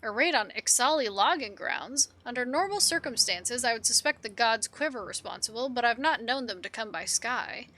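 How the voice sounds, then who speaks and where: A woman's voice: fairly high pitch, animated, moderate pace, hardly any pauses, pushed and bright, full character voice. A woman voicing a talkative engineer who speaks in an upbeat, chatty way. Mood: alarmed. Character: cheerful engineer, keen and talkative.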